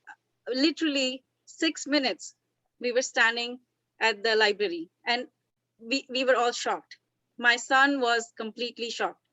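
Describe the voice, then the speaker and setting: Female session leader, earnest and chatty, slightly high, dry close recording. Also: pushed and bright, dry recording, highs cut off. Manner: earnest, chatty, frequent restarts. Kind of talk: casual storytelling talk.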